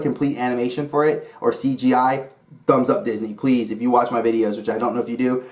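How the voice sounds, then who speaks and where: A man from New York talks casually to camera as a channel host. His voice sits at a middling pitch, and his thoughts ramble from one tangent to the next with steady enthusiasm. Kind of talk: casual vlog talk.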